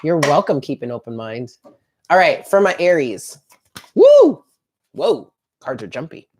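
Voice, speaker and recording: A woman with a low voice that swoops up and down a lot reads tarot cards live for her viewers. She is chatty and upbeat and talks to them directly. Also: lively intonation, moderate pace, slight background noise. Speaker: tarot reader. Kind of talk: live-streamed tarot reading.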